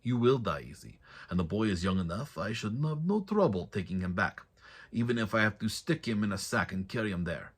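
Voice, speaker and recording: A man's voice: lowish voice, big pitch swings, fairly quick, slightly rough, exaggerated voice. A man voicing a cold, determined male nomad hunter with a thick foreign accent in a read-aloud fantasy story. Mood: grim.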